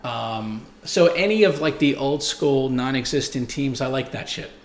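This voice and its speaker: A man's voice: mid-range voice, expressive, moderate pace, reverberant. A man in his forties hosting a show, telling stories and reading viewer comments in a rambling, profane, emphatic way. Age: 40s. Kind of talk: casual monologue.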